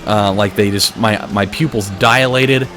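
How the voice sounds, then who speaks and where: A man's voice: lowish voice, steady tone, unhurried, fairly bright tone, soft background music. A man hosting a gameplay video, telling a long story in a rambling way, full of restarts and swearing. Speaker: let's play host. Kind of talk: casual gameplay commentary, telling a dream.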